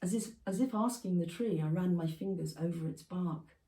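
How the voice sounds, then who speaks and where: A woman reading her own childhood memoir aloud at a festival, measured and expressive. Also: lowish voice. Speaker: prize-winning author reading her own memoir piece. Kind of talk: literary reading. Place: festival venue. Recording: roomy, from a distance.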